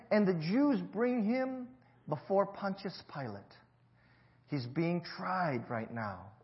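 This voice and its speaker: High-voiced man preaching, lo-fi. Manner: storytelling preacher, swings between loud emphasis and low quiet. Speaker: pastor. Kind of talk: sermon.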